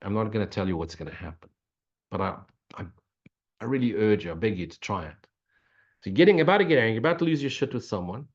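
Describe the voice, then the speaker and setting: An older man giving an earnest, preachy spiritual talk, answering questions and dropping in blunt swearing. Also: lowish voice. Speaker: spiritual teacher. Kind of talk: spiritual Q&A monologue. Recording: dull lo-fi recording.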